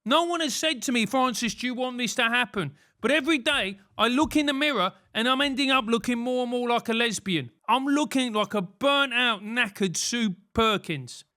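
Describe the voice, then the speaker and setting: A man's voice: very high-pitched, moderate pace, hardly any pauses, pushed and bright. A man with a British accent giving comedic advice as a podcast host, ranting and self-mocking. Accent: British English. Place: London.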